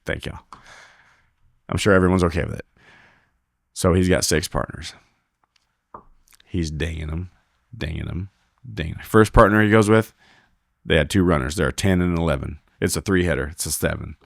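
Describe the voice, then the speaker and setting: A man's voice: sits low, normal speed, gravelly, long pauses, no room sound, clean studio sound. A man, a guest on a podcast, telling a story in casual talk, acting out the quoted voices and swearing freely. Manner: animated, acts out quoted dialogue, swears freely. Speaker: podcast guest, team roper.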